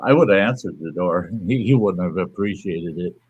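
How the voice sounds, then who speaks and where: A man's voice: sits low, animated, moderate pace, a little mellow, breathy edge, muffled recording. A man from the United States hosting a casual chat show, talking bluntly and crudely and laughing often. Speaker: host.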